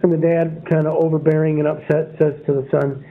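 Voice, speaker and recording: A man's voice: on the high side, flat delivery, fast, hardly any pauses. A man giving a folksy, rambling sermon full of homespun stories, chuckling at his own anecdotes. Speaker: preacher. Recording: phone-like narrow sound.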